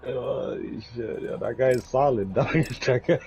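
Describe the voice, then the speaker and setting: A man's voice: medium pitch, unhurried, a little mellow, a little hiss or hum. Slangy, laughing male streamer. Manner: laid-back, slangy, laughs often. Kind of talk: casual chat on a game stream.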